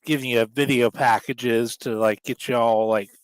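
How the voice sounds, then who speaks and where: A man co-hosting a wrestling show, talking in a halting way with lots of fillers. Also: mid-range voice, steady tone, smooth, no echo, poor audio. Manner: halting, filler-heavy talk. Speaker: co-host. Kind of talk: casual chat.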